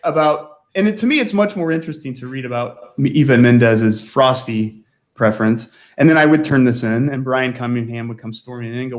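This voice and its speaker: A former magazine staff writer, appearing as a guest, tells stories in a casual chat, laughing often and peppering his talk with "like." His voice sits at a medium pitch and moves a little fast.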